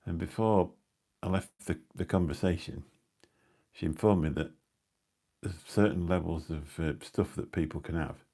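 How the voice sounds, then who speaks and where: Low-pitched and dark-toned, a middle-aged man talks at normal speed while hosting a live stream indoors at home. His casual chat wanders through anecdotes with dry asides, captured on a new phone or mic on a live stream.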